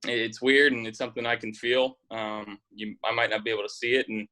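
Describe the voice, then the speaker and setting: A young man in his twenties, a football player chatting casually as an interview guest, relaxed and rambling with fillers. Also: medium pitch, fairly quick, poor audio.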